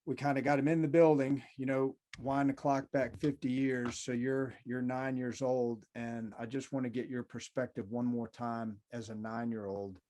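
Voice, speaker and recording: A man's voice: mid-range voice, little pitch movement, moderate pace, hardly any pauses, warm tone. A man hosting an interview, asking questions politely with lots of hedging. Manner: hedging, polite, "if you will". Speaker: podcast host.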